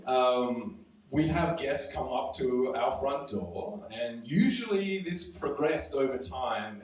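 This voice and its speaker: A young man from Serbia, raised in Australia, telling a wry, conversational story to a live audience with frequent ums. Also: medium pitch. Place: event room before a live audience. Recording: very echoey room from far off, faint noise.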